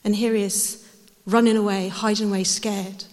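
A woman preaching a sermon, telling the story in a lively way and acting out the voices. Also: medium pitch, moderate pace. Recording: hall reverb.

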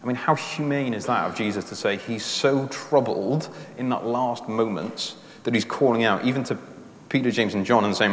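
A man's voice: mid-range voice, normal speed, a little hiss or hum. A man preaching a sermon in a conversational way, explaining his points step by step with everyday examples. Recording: roomy echo with long reverb in a hall.

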